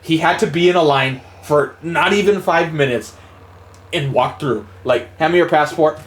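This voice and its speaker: A man, a gaming streamer, casually telling a story in a profane, animated way and chuckling as he goes. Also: fairly high pitch, a little slow. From United States.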